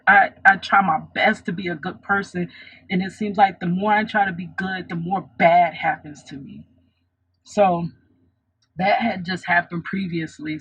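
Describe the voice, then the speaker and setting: A woman's voice: lowish voice, slightly rough, low-quality recording. A woman vlogger telling a personal story in an earnest, reflective way, often restarting her sentences.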